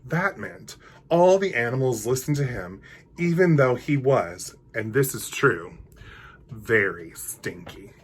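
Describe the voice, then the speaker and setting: A man reading a picture book aloud to children in an animated, playful way, with hushed asides. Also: medium pitch, slow pace, a little hiss or hum. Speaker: drag queen storyteller.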